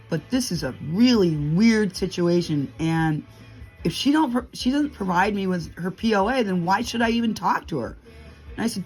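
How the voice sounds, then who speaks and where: With a medium-pitched voice carrying a breathy edge, this middle-aged vlogger launches into a heated, casual rant. She recounts the story by performing other people's words to her.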